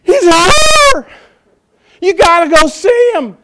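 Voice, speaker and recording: A man's voice: very animated, sharp tone, exaggerated voice. A male preacher acting out an overjoyed woman who runs back to town to tell everyone her news. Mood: thrilled. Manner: breathless, gushing, high and fast.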